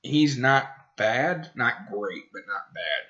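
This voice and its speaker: Rambling man, bright voice. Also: mid-range voice, lively intonation, takes it slowly, lo-fi sound. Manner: rambling, self-correcting, talks to his dog. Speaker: podcast host. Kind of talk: casual sports talk.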